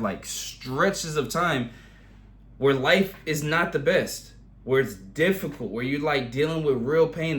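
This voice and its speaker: Blunt, profane young man giving pep talk. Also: fairly high pitch. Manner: blunt, heavily profane, emphatic street slang; rising, intense when making a point. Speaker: vlogger giving motivational advice. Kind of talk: casual motivational monologue.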